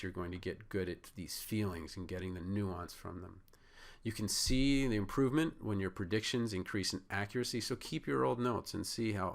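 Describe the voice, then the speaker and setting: Low gravelly-voiced man teaching vocabulary. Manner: relaxed, many "uh" fillers, acts out inner thoughts. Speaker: test-prep tutor. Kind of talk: casual instructional talk.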